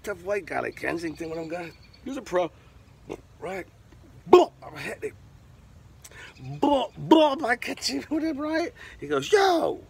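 An older man telling a profane, animated story in an interview, punctuating it with sound effects. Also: high-pitched, a little slow, creaky, long pauses.

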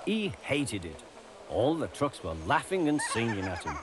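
A man narrating a children's cartoon in a gentle, expressive storybook style. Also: medium pitch, normal speed. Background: music.

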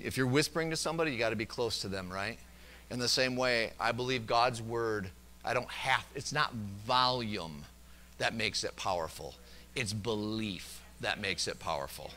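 A male pastor preaching a sermon, quoting scripture and moving between emphatic loud passages and hushed, close asides. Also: mid-range voice. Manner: quotes scripture verse by verse. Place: church service.

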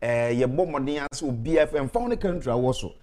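A man speaking persuasively as a talk-show guest, repeating details slowly and clearly. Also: mid-range voice, darkish tone. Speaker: guest promoting a health product. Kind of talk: casual talk-show chat, mixing Twi and English.

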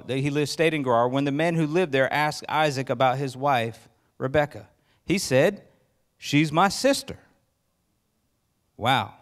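A male pastor preaching a sermon in church, telling the story with lively acted-out voices and questions to the congregation. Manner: acts out quoted voices with rising pitch.

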